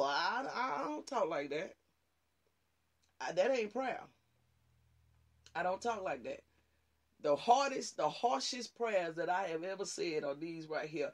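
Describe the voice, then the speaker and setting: A man with a fairly high voice preaches to his online listeners in a loose, heartfelt way. He circles back on the same phrases again and again. His talk often turns into fervent spoken prayer. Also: unhurried. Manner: earnest, repeats phrases, slips into fervent prayer. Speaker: ministry host.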